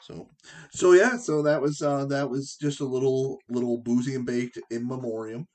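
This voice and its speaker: A man co-hosting a casual podcast, joking and halting with restarts. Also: medium pitch, steady tone, a little mellow. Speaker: podcast co-host. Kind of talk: casual chat.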